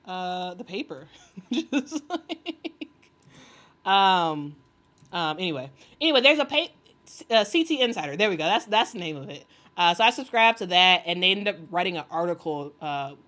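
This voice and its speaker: Woman, slightly low voice, casual livestream host, rambling, lots of fillers and restarts, enthusiastic, laughs often. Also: fairly bright tone. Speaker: sports commentary host reading live chat.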